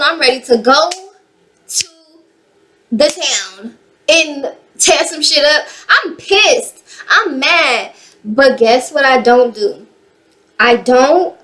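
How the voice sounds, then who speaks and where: A young woman from the Bay Area telling a personal story in a casual, animated way, swearing freely. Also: high-pitched. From San Francisco Bay Area. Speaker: vlogger.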